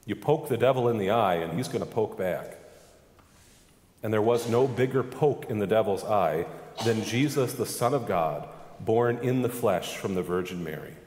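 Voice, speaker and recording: A man's voice: on the low side, expressive, moderate pace, a little mellow. Pastor, male, emphatic sermon delivery, roomy sanctuary sound. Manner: emphatic preaching with rhetorical questions.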